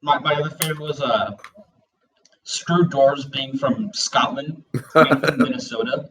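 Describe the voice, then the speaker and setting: A man's voice: medium pitch, measured pace, a bit bright, recorded from a distance, slight background noise, low-quality recording. A man co-hosting a casual world-building chat, rambling with lots of fillers and acting out little bits. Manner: rambling, full of "like" and "you know", acts out bits. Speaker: podcast co-host.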